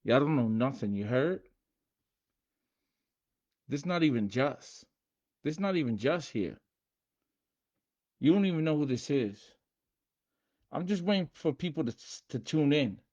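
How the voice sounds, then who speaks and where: A man hosting a casual livestream, hyped and streetwise, repeating himself and shouting out viewers by name. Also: on the high side, lively intonation, measured pace, pauses often, lo-fi sound. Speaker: livestream host teaching game rules.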